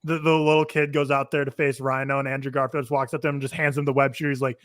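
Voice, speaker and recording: Quick, bright-voiced male podcast co-host. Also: medium pitch, little pitch movement, no room sound, clean studio sound. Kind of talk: casual film review chat.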